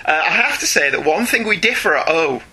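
A man co-hosting a chatty podcast, reading emails aloud and joking along the way. His voice is very bright and a little husky. His pitch leaps around with animated, sing-song energy. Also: brisk. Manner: chatty, animated, laughs often, reads aloud. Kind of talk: casual chat.

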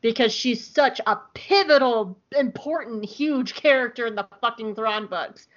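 A woman from the American South co-hosting a casual podcast, animated, swearing freely and laughing often. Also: on the high side, measured pace. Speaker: podcast co-host. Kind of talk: casual chat. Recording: lo-fi audio.

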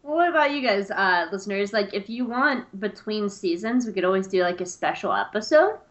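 A woman co-hosts a podcast in easy, casual chat, gushing with enthusiasm. Her voice sits at an ordinary pitch, with a slightly dull, muffled recording. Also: animated, brisk. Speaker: podcast co-host.

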